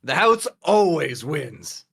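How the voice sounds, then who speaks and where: A man's voice: on the high side, very animated, takes it slowly, a bit bright, husky, full character voice. A man voicing a brash, crude young man who swears and gloats, in a tabletop game. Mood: cocky.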